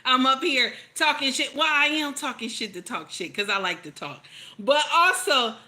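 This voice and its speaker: Bright-voiced, blunt woman streamer. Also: high-pitched, lively intonation, moderate pace. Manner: blunt, profane, laughs often, reads chat aloud. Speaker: commentator reacting to a clip. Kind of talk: casual live-stream commentary.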